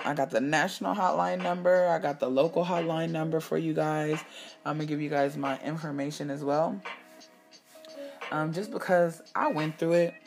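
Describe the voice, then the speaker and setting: A woman hosting her own show, telling a personal story in a candid, animated way, swearing freely and acting out what people said. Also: lowish voice. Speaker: podcast host. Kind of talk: casual storytelling monologue.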